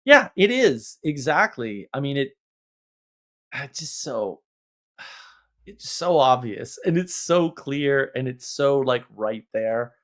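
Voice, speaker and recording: A man hosting a casual livestream, talking in an animated, exasperated, rambling way with frequent laughs. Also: mid-range voice, takes it slowly. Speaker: livestream host.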